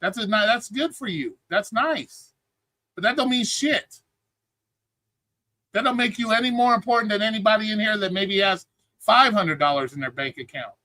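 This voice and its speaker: A man's voice: high voice, normal speed, pushed and bright, no room sound. A man hosting a live stream, arguing in a blunt, profane, lecturing way. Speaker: streaming show host. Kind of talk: heated livestream argument.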